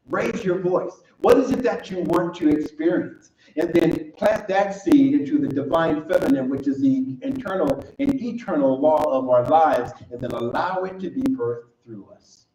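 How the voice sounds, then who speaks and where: A man's voice: high-pitched, animated, measured pace, darkish tone, a little hiss or hum. A man preaching a sermon to his congregation, earnest, repeating phrases for emphasis and laughing easily. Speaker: minister. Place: church sanctuary. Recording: roomy, distant, slightly dull recording.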